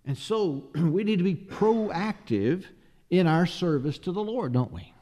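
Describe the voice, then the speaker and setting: Slow, emphatic male preacher. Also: high voice, expressive, dark tone. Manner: emphatic, rhetorical questions, dramatic pauses. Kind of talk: sermon.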